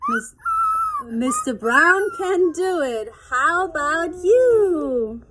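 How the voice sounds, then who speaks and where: Animated high-voiced mother reading aloud. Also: very slow, background noise. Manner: animated, sing-song read-aloud with playful sound effects. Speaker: parent reading to her child. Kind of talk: reading a picture book aloud.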